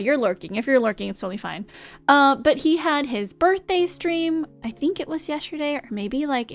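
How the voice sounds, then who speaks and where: A woman live streamer chatting casually with her viewers in a bubbly, rambling way, thanking people in chat. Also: a little high.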